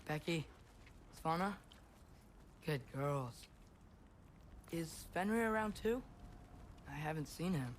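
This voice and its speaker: Earnest young hero, gentle. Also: male voice, a little high, slight background noise. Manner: earnest, tender. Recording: game audio with clear music.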